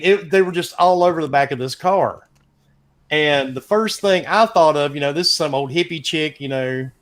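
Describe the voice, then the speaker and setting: A middle-aged man, casually telling a profane, animated story as a podcast host. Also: a little high. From American South.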